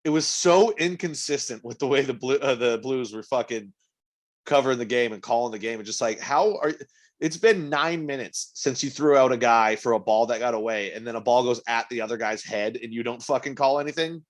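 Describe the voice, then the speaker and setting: A medium-pitched, fairly quick-talking man co-hosts a podcast in a casual chat. He tells a story full of swearing, animating it with acted-out quotes and asides.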